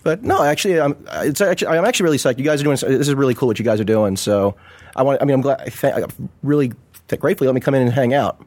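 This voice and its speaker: A man chatting casually as a guest, quick and joking, often restarting his sentences. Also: medium pitch, lively intonation, a little mellow. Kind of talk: casual chat.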